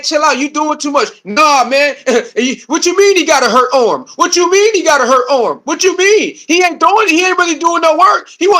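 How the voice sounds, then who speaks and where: A man giving heated, repetitive live-stream commentary, laughing and mocking as he talks. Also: extremely high pitch. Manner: animated, repetitive, laughing, slangy. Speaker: streamer reacting to a video.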